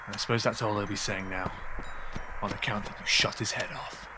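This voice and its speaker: A man voicing a menacing Western outlaw boss with a slow drawl in a comic game role-play. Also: fairly low pitch, fairly even intonation, noisy background, voice pushed down, close to an everyday voice. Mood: grim.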